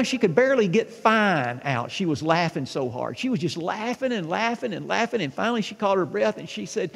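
A man's voice: high-pitched, animated, a little fast, gravelly, hardly any pauses, long reverb tail. A man in his sixties preaching a sermon, telling stories with animation and asking the congregation questions. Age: 60s. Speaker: pastor.

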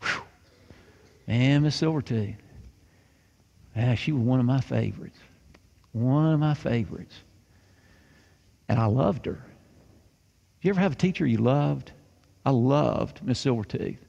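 A man's voice: medium pitch, lively intonation, measured pace, gravelly, long pauses, dark tone, lo-fi sound. A man telling a childhood story to a live audience, folksy and fond of repeating key phrases. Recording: reverberant hall sound.

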